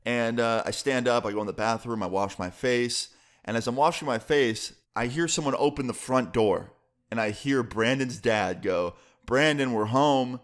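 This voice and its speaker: A man's voice: medium pitch, normal speed. A young adult man casually telling a personal story, loose and filler-heavy, with some swearing. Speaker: storyteller vlogger.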